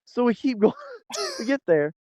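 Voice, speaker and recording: A man's voice: extremely high pitch, a little slow, slightly rough, dry recording. A man in his forties from South Carolina, a guest telling a story in a casual, laughing way and acting out the people in it. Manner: animated, laughing, acts out others in the story. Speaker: interview guest. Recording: dry, slightly dull lo-fi sound.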